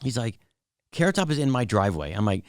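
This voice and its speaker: Middle-aged male comedian trading stories as a guest on a podcast. He talks in an animated way, slipping into other people's voices and laughing between lines. His pitch sits mid-range, and the sound is dry and close. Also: fast, dry recording. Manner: animated, acts out voices in anecdotes, laughs often. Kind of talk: casual chat, storytelling.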